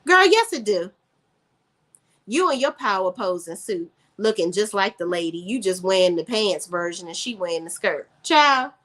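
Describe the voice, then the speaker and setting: A woman's voice: medium pitch, very animated, normal speed, a bit bright. A woman hosting a casual live stream, recapping a TV drama and chatting sassily with her viewers. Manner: chatty, sassy, reads chat aloud. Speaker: TV recap host.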